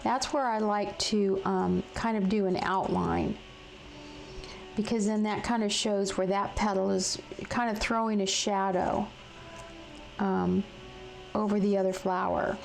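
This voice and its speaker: A woman hosting a casual live craft demonstration from her home craft room. She is chatty and halting, with many fillers and restarts, and she talks to viewers in the chat while she colors. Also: mid-range voice, fairly even intonation, vocal fry, soft background music, rough recording. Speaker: crafting livestream host.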